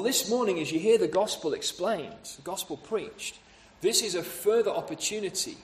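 A man's voice: sits high, reverberant. A man preaching a sermon, explaining scripture with rhetorical questions and acting out the voices of townspeople.

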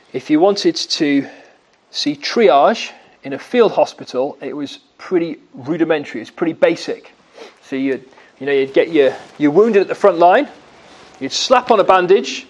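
High-voiced preacher with dramatic swings. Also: male voice, a little mellow, dull audio. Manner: earnest, with dramatic swings in pitch and volume. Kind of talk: sermon.

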